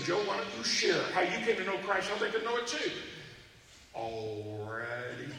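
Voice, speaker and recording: An animated man from Texas preaches a storytelling sermon. He slips into the voices of the people in his stories. His voice comes from far off in a big, echoing hall, with noise behind it. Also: a little high. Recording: echoey hall from far off, noisy.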